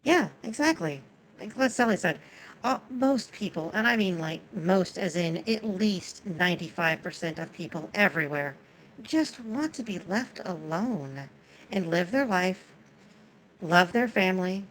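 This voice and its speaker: A woman's voice: on the low side, expressive, unhurried, a little hiss or hum, poor audio. A woman whose first language is Japanese, giving chatty, swearing commentary on a game and talking to her chat. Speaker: streamer.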